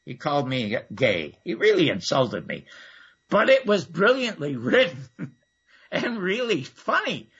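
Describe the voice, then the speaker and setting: A man's voice: a little high, huge pitch swings, unhurried, fairly bright tone, slightly rough, dull audio. A man telling a rambling anecdote as a radio guest, full of fillers and asides. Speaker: guest storyteller. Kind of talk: casual anecdotal storytelling.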